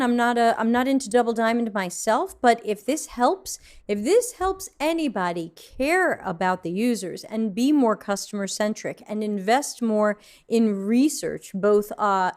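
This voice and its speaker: A woman's voice: medium pitch, darkish tone. A woman hosting a livestream from her desk, reacting to viewer submissions in a frank, mildly snarky way with plenty of ums and restarts. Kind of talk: casual livestream commentary.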